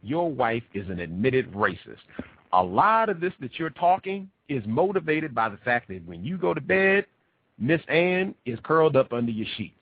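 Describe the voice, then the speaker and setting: A radio host, worn out after a long week, talks with a husky edge and swings widely in pitch as he makes his points. He presses ideas home by repeating them. The sound is tinny and phone-like, with no room echo. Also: normal speed. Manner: lively, emphatic, repeats himself for effect. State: tired. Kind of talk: animated talk at a conference. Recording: tinny phone-like dry recording.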